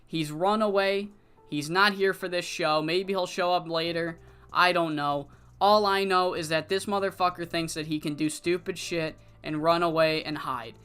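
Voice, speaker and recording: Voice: mid-range voice, steady tone, moderate pace, a bit bright, smooth, close to an everyday voice. A streamer voicing a brash young male wrestler cutting a profane, threatening promo against a rival, over faint background music. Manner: profane, menacing trash talk.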